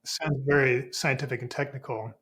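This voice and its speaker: A man who teaches spirituality talks through his ideas as a podcast guest. He speaks in an unhurried, halting way and often restarts a phrase while he looks for the right words. His voice sits at an average pitch for a man. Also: fairly even intonation, fairly bright tone. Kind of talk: relaxed explanatory talk.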